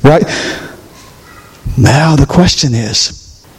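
A man preaching a chatty, conversational sermon as pastor in a church, swinging into high voices for quotes and asides. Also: extremely slow, breathy edge. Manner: animated, chatty, jumps to high voice for quotes and jokes. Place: church sanctuary.

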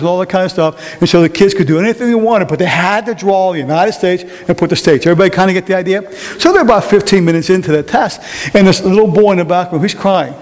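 A man preaching a sermon to a congregation, repeating key phrases and questioning the audience in a slow, emphatic delivery. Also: a little high, darkish tone. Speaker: pastor. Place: church sanctuary. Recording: long hall reverb.

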